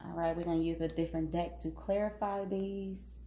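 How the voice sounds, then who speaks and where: A woman with a cold giving a casual tarot reading, talking unhurriedly with pauses and fillers. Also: lowish voice, steady tone, mellow, a little hiss or hum. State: has a cold, sniffling. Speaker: tarot reader.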